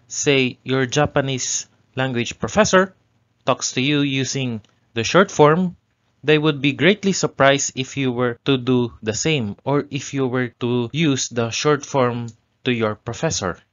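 A man at a middle pitch explains grammar to beginners, step by step. He repeats example phrases slowly and leans on their intonation. The recording is somewhat dull and lo-fi. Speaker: Japanese language tutor.

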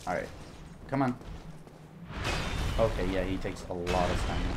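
A man's voice: deep voice, lively intonation, normal speed, long pauses, slight background noise. A young man commenting on his own gameplay as he plays, jumpy and panicky, often repeating words in bursts. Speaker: gaming YouTuber.

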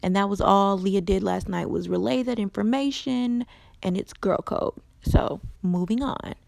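A woman's voice: medium pitch, steady tone, unhurried, gravelly, a little mellow, no room sound. A woman hosting a casual TV recap, blunt and opinionated, talking in a gossipy way. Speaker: podcast host.

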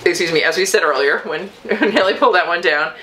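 A woman with a notably low voice chats casually as a podcast co-host. She talks in a meandering way, with plenty of ums and restarts. The recording is from a yarn shop. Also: fast talker, pushed and bright, slight background noise, rough recording. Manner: chatty and meandering, frequent um and restarts. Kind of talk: casual chat about knitting.

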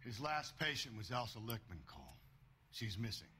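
An actor playing a 1940s police officer in a game cutscene, briefing a colleague in a matter-of-fact way. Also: male voice, mid-range voice, very animated, normal speed, sharp tone, a little hiss or hum. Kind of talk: video game cutscene acting.

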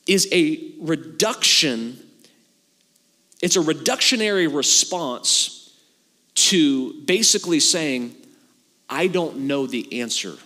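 A man's voice: a little high, slow. A man preaching as a pastor, telling the story in a casual, joking way and acting out the dialogue. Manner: animated storytelling with acted-out dialogue. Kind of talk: sermon. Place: church sanctuary. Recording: long hall reverb from a church.

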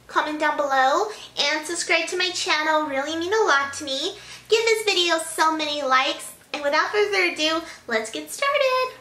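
A woman's voice: sits high, bright, forceful tone, echoey room. A young woman chatting to a handheld camera at home in a bubbly, casual vlog style, with small sighs and laughs. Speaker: vlogger. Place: at home, indoors.

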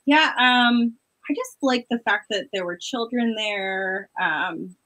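A woman's voice: a little high, slow, bright, forceful tone, low-quality recording. A woman, a paranormal investigator guest, speaking casually and hesitantly as she searches for words. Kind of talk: casual chat.

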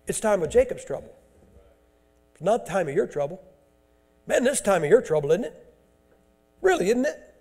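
A man's voice: high-pitched, sing-song, moderate pace, pauses often, darkish tone. A man preaching a sermon in a church, blunt, emphatic and folksy.

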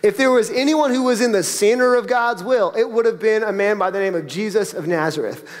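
A high-pitched male pastor preaches in an easy, conversational way. He keeps climbing to emphatic peaks, and a long church-hall reverb trails after each phrase. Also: a little fast. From South Florida. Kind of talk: sermon. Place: church auditorium.

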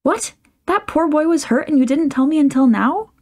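A woman voicing a no-nonsense, bustling motherly aunt in a storybook reading, firm and brisk. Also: fairly high pitch, expressive, gravelly, mellow, voice pushed up.

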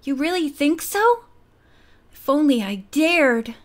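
A woman's voice: high voice, very animated, takes it slowly, full character voice. A woman voicing a troubled, fearful young woman in an audiobook mystery, speaking in a subdued, miserable way.

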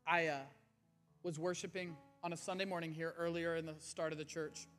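Bright-voiced preacher man. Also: fairly high pitch, little pitch movement, brisk. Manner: earnest, conversational preaching with rising emphasis. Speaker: pastor. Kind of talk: sermon. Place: church sanctuary. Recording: faint music underneath.

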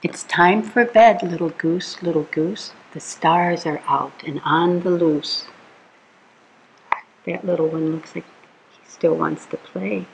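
A gentle woman reads a bedtime picture book to young children at an unhurried pace. Her voice sits a little low with a slight gravelly edge. She soothes and coaxes, asking her listeners soft questions between the pages. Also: flat delivery, a little hiss or hum, rough recording. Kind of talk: read-aloud storytime.

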